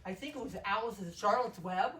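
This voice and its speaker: A woman's voice: mid-range voice, brisk, crowd noise. A woman sharing memories at a memorial service, chatty and often laughing as she tells her stories. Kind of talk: informal eulogy storytelling. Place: memorial service gathering, indoors. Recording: echoey room from far off, loud noise.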